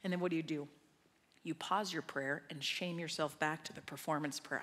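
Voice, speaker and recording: A woman giving a sermon as a guest speaker, talking conversationally and swelling into loud emphatic passages. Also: lowish voice, a little fast. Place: large church auditorium. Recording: long hall reverb.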